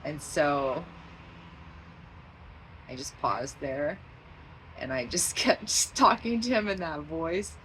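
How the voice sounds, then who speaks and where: A woman's voice: low voice, slow pace, long pauses, a bit bright, slight background noise, rough recording. A woman talking in a rambling, stream-of-consciousness vlog, drifting into tangents and laughing often. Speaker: vlogger.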